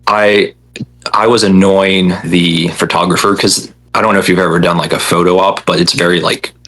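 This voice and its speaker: Low-voiced man, husky and bright. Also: steady tone, normal speed, rough recording. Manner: rambling, hesitant, many fillers. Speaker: podcast guest, cosplayer. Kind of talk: casual chat.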